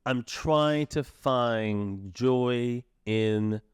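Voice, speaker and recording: A man talking loosely on a podcast in a mid-pitched voice. He is animated and swears often, now and then acting out the voices in his head. The sound is dry and close. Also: extremely slow, clean tone, dry recording. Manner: animated, swears freely, acts out inner voices. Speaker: podcast host. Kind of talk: casual chat.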